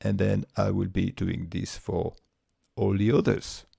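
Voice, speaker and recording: Gravelly man explaining a spreadsheet tutorial. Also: low-pitched, measured pace, dry recording, clean studio sound. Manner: relaxed step-by-step explaining with fillers and restarts. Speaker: tutorial presenter. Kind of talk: screen-recorded software tutorial.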